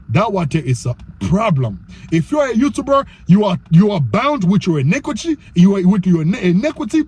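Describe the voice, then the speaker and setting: A man teaching the Bible informally, slangy and repetitive, slowing down to read verses and growing loud and excited. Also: sits high, husky. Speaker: online preacher.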